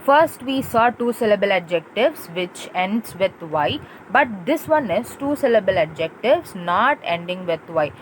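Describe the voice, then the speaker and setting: A woman's voice: medium pitch, animated, a little slow, few pauses, poor audio. Woman teacher, repetitive classroom explaining, faint road noise. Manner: patient, repetitive explaining with spelled-out letters and check-in questions. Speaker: English teacher. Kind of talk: classroom grammar lesson.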